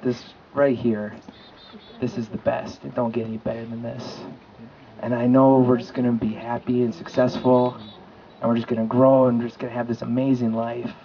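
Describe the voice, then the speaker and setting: A man gives his wedding vows as the groom, halting and emotional, pausing with fillers as he chokes up. His voice is mid-pitched. The audio is dull and lo-fi with a faint hiss, from an outdoor lakeside ceremony. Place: outdoors by a lake.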